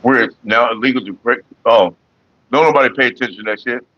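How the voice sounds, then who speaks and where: A man's voice: mid-range voice, quick pace, dry recording, muffled recording. A middle-aged man hosting a casual livestream, talking bluntly and with lots of swearing straight to his chat viewers. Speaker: livestream host.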